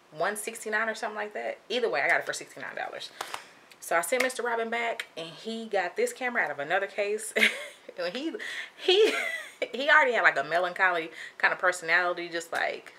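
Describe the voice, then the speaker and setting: A young woman telling a casual storytime, animated and chatty, acting out what people said. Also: lowish voice, a little hiss or hum. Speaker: vlogger.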